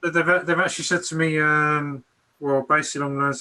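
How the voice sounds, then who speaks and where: A man's voice: a little high, flat delivery, fast, pushed and bright. A man chatting casually as a guest, easygoing but hesitant, often repeating words as he searches for them. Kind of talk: casual online chat.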